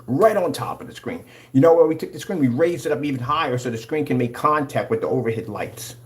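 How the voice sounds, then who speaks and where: A man's voice: mid-range voice, lively intonation, quick pace. A man who owns a screen paint company, hyped up and combative as he talks over his own product demonstration footage. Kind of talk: excited product demonstration rant.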